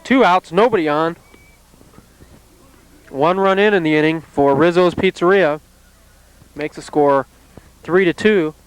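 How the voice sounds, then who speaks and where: A man calling play-by-play at an amateur softball game outdoors, in a calm, steady, plainly descriptive way. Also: on the high side, measured pace, pauses often, smooth, rough recording. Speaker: play-by-play announcer.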